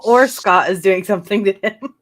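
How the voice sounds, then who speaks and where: A woman co-hosting a casual podcast, giggly and quick to laugh. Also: mid-range voice. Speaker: podcast co-host.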